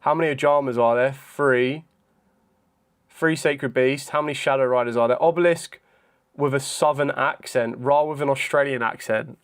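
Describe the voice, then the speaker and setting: A young man chatting casually on a live stream, thinking out loud in a hesitant way with frequent ums. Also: medium pitch, fairly even intonation, normal speed, clean tone. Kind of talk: casual live-stream chat during a trivia quiz.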